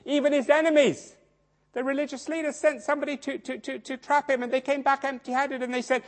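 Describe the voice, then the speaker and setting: A man preaching a sermon, swinging dramatically between loud emphasis and hushed low tones. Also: little pitch movement, brisk. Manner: acts out quoted voices in his storytelling.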